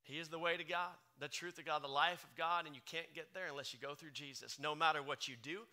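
A man preaching a sermon to a live congregation, swinging from loud emphatic lines to low hushed ones. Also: quick pace. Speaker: pastor.

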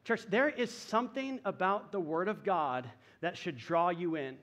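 Pastor guy preaching, high-ish voice, chatty and folksy with the church. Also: measured pace, a bit bright. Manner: conversational preaching with folksy asides. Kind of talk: sermon.

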